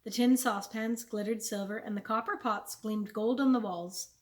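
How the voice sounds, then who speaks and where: A woman, a children's librarian, reading a chapter book aloud with clear, expressive storytelling. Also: on the high side, normal speed.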